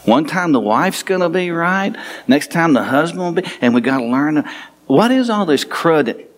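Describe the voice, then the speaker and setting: A man preaching a sermon as pastor, animated, laughing and making quick asides to the congregation. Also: fairly high pitch.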